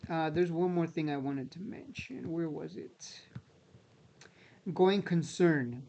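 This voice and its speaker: Man, somewhat higher voice, doing casual skeptical commentary with a strained voice; dull lo-fi sound. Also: takes it slowly, vocal fry, dark tone. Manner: conversational, repeats himself, skeptical asides. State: voice strained, near losing it. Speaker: stock market YouTuber.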